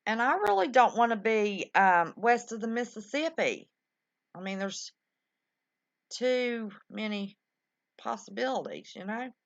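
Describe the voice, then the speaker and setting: Very animated and fairly high in pitch, a woman runs a live-stream show at a moderate pace, chatting affectionately and folksily with her viewers and callers. The recording is dry, with the dull sound of lo-fi stream audio.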